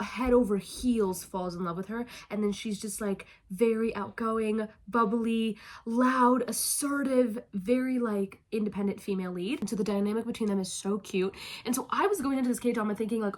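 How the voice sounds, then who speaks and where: Chatty young woman vlogging. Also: a little high. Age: young adult. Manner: chatty and animated, with many filler likes; drops to a hushed whisper. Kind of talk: casual vlog chat.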